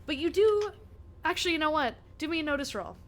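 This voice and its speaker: A woman's voice: high voice, sing-song, quick pace. A young woman narrating a tabletop game as game master, chatty with many fillers and restarts.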